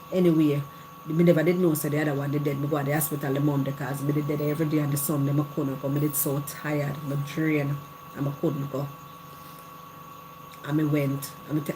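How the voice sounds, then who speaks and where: A woman's voice: deep voice, noisy background. A middle-aged Jamaican woman hosting a live chat, telling her own story candidly in patois and repeating phrases. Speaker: live stream host.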